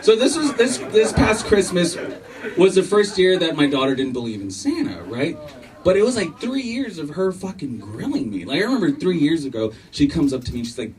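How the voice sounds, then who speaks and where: Profane comedian in a laughing club. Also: male voice, fairly high pitch, big pitch swings, brisk, crowd noise. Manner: profane, jumps into shouted voices of wife and kids. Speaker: stand-up comedian. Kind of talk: stand-up comedy set. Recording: roomy club sound from far off, audience laughter. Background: laughing club audience.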